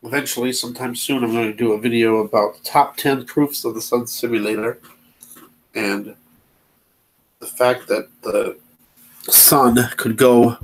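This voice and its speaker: A man's voice: mid-range voice, low-quality recording. A man hosting his own channel, talking casually and impatiently while he browses and plays videos. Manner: rambling, impatient with slow computer. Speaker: channel host.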